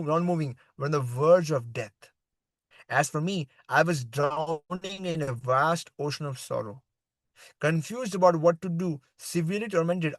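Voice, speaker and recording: A man's voice: a little high, no room sound, poor audio. A man teaching a scripture class, reading a devotional story aloud and then explaining it in plain words. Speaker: spiritual teacher.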